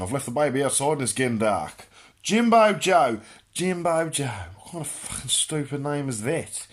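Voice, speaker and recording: A man with an Australian accent hosting a crude comic monologue, answering viewer questions in a brash, boisterous way and laughing at his own jokes. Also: on the high side.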